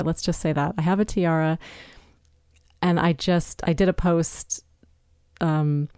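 A woman's voice: lowish voice, darkish tone, clear, resonant tone, no room sound, studio quality. A woman in her fifties hosting a solo podcast, talking in a chatty, candid, self-deprecating way. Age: 50s. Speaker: podcast host. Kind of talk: casual solo podcast talk.

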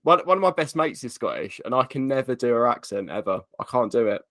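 A man's voice: medium pitch, very animated, fast talker, fairly bright tone, no echo. Male podcast host, eager, keeps restarting his sentences, close dry sound. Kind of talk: casual interview chat.

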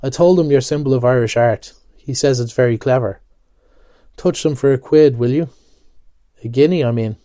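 A man reading aloud and voicing a boisterous, mocking young man with a loud, theatrical delivery. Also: mid-range voice, moderate pace, no room sound, clean studio sound, natural voice.

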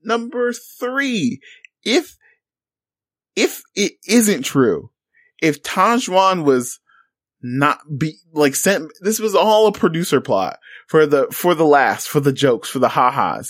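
A man co-hosting a podcast, casually recapping a reality show with animated storytelling. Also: on the high side, unhurried, no echo, studio quality. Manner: animated storytelling, acts out quotes. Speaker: podcast co-host.

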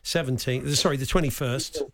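A man hosting a radio chat show, relaxed and amused. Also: medium pitch, normal speed. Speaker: radio host. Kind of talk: casual chat.

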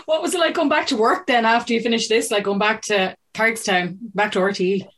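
A woman's voice: on the high side, quick pace, fairly bright tone. An Irish woman hosting a casual interview, teasing her guest and laughing often. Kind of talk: casual chat.

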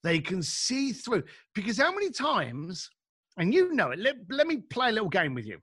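A man's voice: high voice, wildly swooping pitch, normal speed, fairly bright tone, husky, no room sound, clean studio sound. A middle-aged man, an author guesting on a podcast, telling stories in a blunt, emphatic way and acting out the voices of people he quotes. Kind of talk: animated conversational storytelling.

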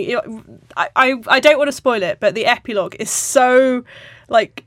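A woman's voice: high voice, a little slow, a bit bright, no room sound, studio quality. A young woman co-hosting a film podcast, chatting casually and animatedly, laughing often and quoting lines in put-on voices.

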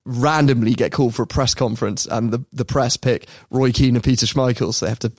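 A man hosting a podcast, telling a story in a lively casual way and often laughing. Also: mid-range voice, a little fast, no echo, studio quality. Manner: lively, laughs often, mimics people in quotes.

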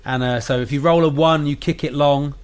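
A man's voice: a little high, steady tone, fairly quick, clear, resonant tone. A man in his forties chatting casually on a call, jokey and self-deprecating. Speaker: homeschooling parent and radio presenter. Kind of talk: casual video call chat.

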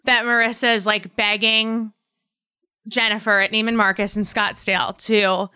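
A woman's voice: medium pitch, level tone, moderate pace, pushed and bright, smooth. A woman hosting a podcast, chatting casually, recapping the story and asking probing questions. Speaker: podcast host. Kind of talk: casual interview chat.

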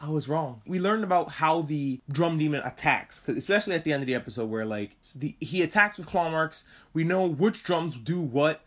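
A man chatting casually and excitedly as a podcast host reviewing an anime, swearing freely and rambling. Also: fairly high pitch, a little fast, few pauses. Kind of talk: casual chat. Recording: muffled lo-fi audio.

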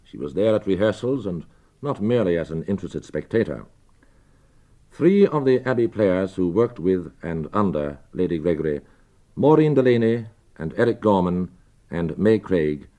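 A man presenting a radio documentary in a measured, scripted way, introducing archive voices. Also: low-pitched, expressive, warm tone.

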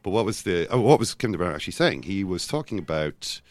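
A man co-hosting a casual football podcast, talking in rambling, self-interrupting runs with animated asides. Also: deep voice, fast, no room sound. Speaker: podcast co-host.

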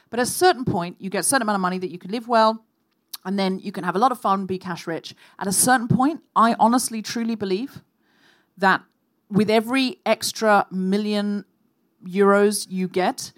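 A woman hosting a live comedy podcast, telling animated stories and acting out shouted quotes. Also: medium pitch. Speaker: podcast host. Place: live stage before an audience.

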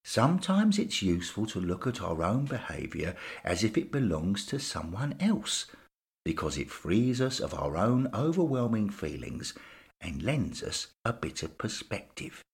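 Man reading a story out slow, voice bouncing all over, faint music under. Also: fairly low pitch, creaky. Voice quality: lively, sing-song storytelling. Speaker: narrator. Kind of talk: scripted storybook narration.

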